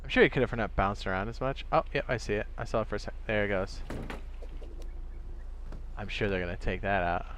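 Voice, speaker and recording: A young man casually chatting on a gaming live stream, excitable and chatty, tossing in playful sound effects. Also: lowish voice, fast talker, long pauses, a little hiss or hum.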